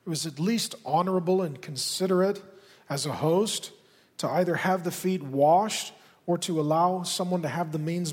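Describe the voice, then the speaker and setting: A man's voice: fairly high pitch, a little mellow. A man preaching a sermon as pastor, talking directly and conversationally to the congregation with pointed asides. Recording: reverberant hall.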